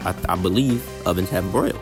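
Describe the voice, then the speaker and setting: A man's voice: sits low, fairly quick. Young man joking through a cooking voice-over. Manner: joking, mock-accented, sprinkled with Spanish words. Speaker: cooking video narrator. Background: music.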